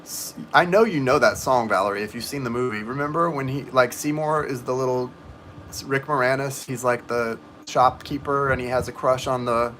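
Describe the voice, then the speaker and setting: Guy doing tarot on a livestream, bright voice, rambly and chatty, faint hiss behind. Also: medium pitch, normal speed. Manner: chatty, rambling, talks to viewers in the chat. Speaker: tarot reader. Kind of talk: live-stream tarot reading chat.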